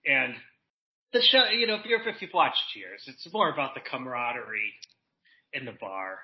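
A man's voice: medium pitch, very animated, moderate pace, muffled recording. A man chatting casually as a podcast guest, rambling with many restarts and fillers. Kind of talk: casual chat.

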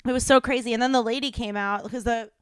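Blunt, wry young woman with a higher voice. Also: steady tone, fast talker, clear, resonant tone, no echo. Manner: wry, blunt, swears, laughs often. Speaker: podcast co-host. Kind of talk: casual chat.

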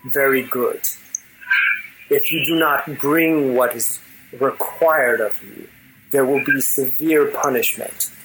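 A menacing king on a shadowed throne, put on by a man running a tabletop game speaks slowly and deliberately, in a low voice. He is commanding and cold as he gives orders to his generals. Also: fairly bright tone, a little hiss or hum, low-quality recording.

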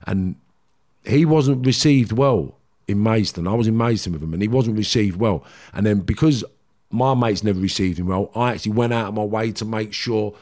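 A middle-aged man speaks in a fairly low voice. He tells his stories bluntly and swears freely, stumbling over restarts as he goes. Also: moderate pace, darkish tone. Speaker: podcast guest. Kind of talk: casual storytelling chat.

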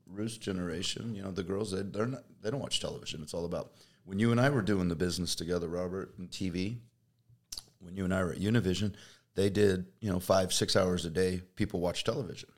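Middle-aged Midwestern man, deep low register, easygoing podcast guest who muses aloud. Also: fast talker. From Midwest, Kansas. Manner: relaxed storytelling, thinks aloud. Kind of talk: casual chat.

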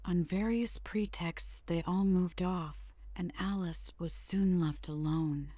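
Lady reading a bedtime story real slow, low-ish mellow voice, kinda whispery. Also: steady tone, no room sound, lo-fi sound. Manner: soft, unhurried, drifting into whispers. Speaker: audiobook reader.

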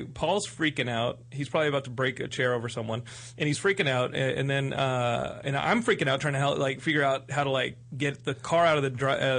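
Gravelly-voiced, joking male host. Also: medium pitch, fairly bright tone. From Texas. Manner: joking, rambling storyteller, many restarts. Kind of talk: casual interview chat.

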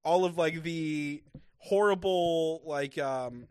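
Rambling man co-host, fairly high voice. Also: slow, a little mellow, smooth, no room sound, studio quality. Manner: rambling, many restarts and likes. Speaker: podcast co-host. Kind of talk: casual recap chat.

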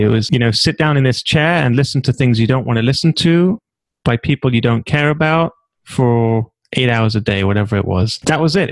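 A man's voice: mid-range voice, vocal fry, no echo. A man from England with a London accent, a guest telling his story openly with self-mocking humor in an interview. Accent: London English. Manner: candid, self-deprecating, joking. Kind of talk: interview conversation.

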